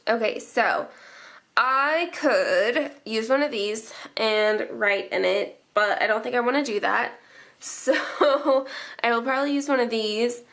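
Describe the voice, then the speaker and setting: A woman's voice: a little high, slow, a bit bright. A young woman vlogger chatting casually and emotionally as she decorates her planner, rambling and laughing often.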